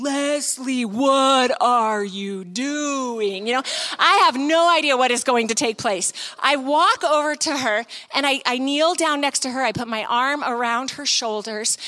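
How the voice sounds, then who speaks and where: Woman speaker, slightly high, sharp and bright voice, lively sermon storyteller. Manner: animated, acts out the scene; frequent filler "like".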